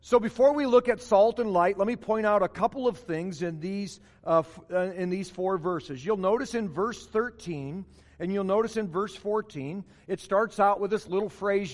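A man's voice: high voice, moderate pace, in a large hall. A man preaching a morning sermon as pastor, stressing key phrases by repeating them.

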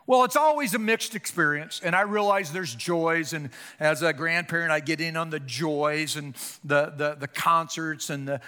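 An older man preaching a sermon, impassioned, swinging between loud emphatic calls and hushed low appeals. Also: moderate pace, few pauses, smooth. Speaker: pastor. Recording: long hall reverb.

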